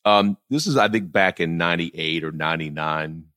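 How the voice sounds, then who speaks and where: A middle-aged political commentator talks politics casually, blunt and profane, often laughing as he tells stories. His low-pitched voice has a sharp tone at normal speed, recorded in clean studio sound without echo.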